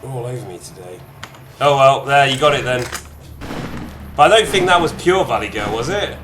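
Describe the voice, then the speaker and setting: A man giving excitable, chatty let's-play commentary while gaming, addressing viewers. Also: medium pitch, normal speed, background noise. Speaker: gamer streamer. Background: game music.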